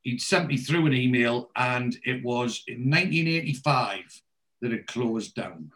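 A man's voice: mid-range voice, unhurried, fairly bright tone. A man co-hosting a podcast, casually retelling a TV episode in a rambling, chatty way. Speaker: podcast co-host.

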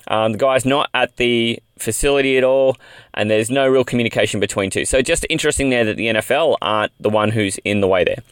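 A man's voice: medium pitch, fast, fairly bright tone, clear, resonant tone, no room sound. Chatty Australian man hosting a podcast. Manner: chatty, upbeat, rambling with fillers. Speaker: podcast host. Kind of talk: casual fantasy football podcast chat.

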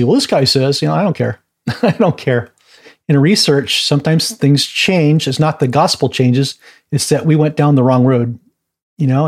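A man's voice: mid-range voice, a little mellow. A man teaching a Bible class in a chatty, informal way, laughing at his own stories and adding many asides.

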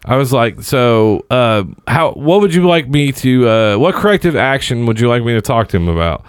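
A man in casual chat telling stories about customer complaints in a deadpan way, stammering and quoting himself. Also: medium pitch, moderate pace, clear, resonant tone, dry recording, studio quality.

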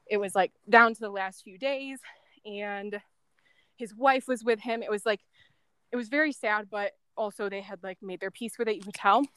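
Woman guest just chatting through a story, lots of likes and ums, mid pitch, no room echo. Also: moderate pace, clear, resonant tone. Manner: chatty, lots of "like" and "um", laughs softly between thoughts. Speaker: guest, former end-of-life caregiver. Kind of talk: casual storytelling.

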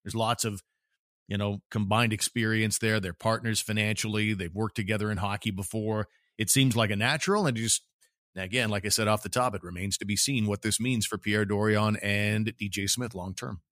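A man's voice: lowish voice, steady tone, normal speed, a bit bright, no room sound, clean studio sound. A man hosting a casual sports talk podcast, chatting and joking with sarcastic banter. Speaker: podcast host.

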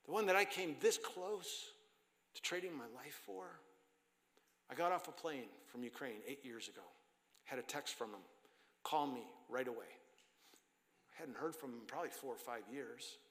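A middle-aged man preaching a sermon with passion, swinging from loud emphasis down to hushed, whispered lines. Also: fairly high pitch. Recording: long hall reverb with faint music.

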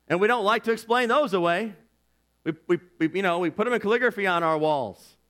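Male pastor preaching with an earnest, conversational delivery and a fairly high, forceful voice. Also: fairly quick. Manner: impassioned, swings from loud to hushed; earnest and conversational, with "like" and "you know". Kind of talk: sermon.

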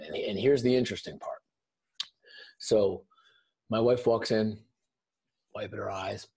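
A man's voice: on the low side, breathy edge. A middle-aged man, a podcast guest, telling a blunt, intense personal story in casual speech with some swearing. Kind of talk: emotional storytelling.

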